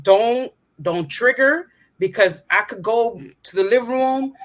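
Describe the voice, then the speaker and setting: Outspoken woman co-host, slightly high voice, emphatic casual chat. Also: measured pace. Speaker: podcast co-host.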